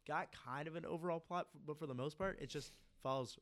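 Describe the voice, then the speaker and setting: A man's voice: on the high side, quick pace, very noisy. A young man co-hosting a casual podcast, rambling through stories with a lot of "like" fillers. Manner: rambling, filler-heavy storytelling. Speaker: podcast co-host. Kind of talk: casual chat.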